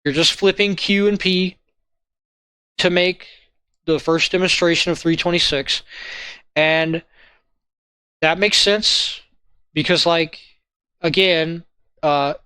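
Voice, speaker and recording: A man walking viewers through a logic lesson in a halting way, often checking in with "right?" and "okay?". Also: fairly high pitch, sharp tone, smooth, no room sound. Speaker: logic tutor. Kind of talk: informal lesson walkthrough.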